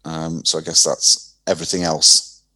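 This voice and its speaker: A man's voice: very deep voice, level tone, normal speed, sharp tone, dry recording, low-quality recording. Man, podcast co-host, informative, hesitant fillers, dry close audio. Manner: informative, with frequent ums and restarts. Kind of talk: casual explanatory chat.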